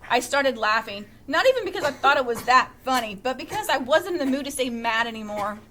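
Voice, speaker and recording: Woman teacher narrating a novel to students, steady and chatty, high voice. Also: a little fast, slight background noise. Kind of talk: reading aloud to a class.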